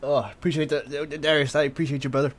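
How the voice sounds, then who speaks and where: A man's voice: fairly high pitch, fairly even intonation, quick pace. Casting: male streamer, casual chat, voice strained and sniffly from spice, swears a lot. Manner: pained, coughing and spitting, cursing freely. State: drooling, tearing up, sniffly.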